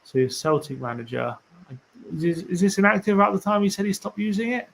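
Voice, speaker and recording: A man's voice: high voice, fairly even intonation, fairly quick, vocal fry, fairly bright tone. A man hosting a casual live stream for a fan channel, reading tweets aloud, musing and rambling with rhetorical questions to viewers.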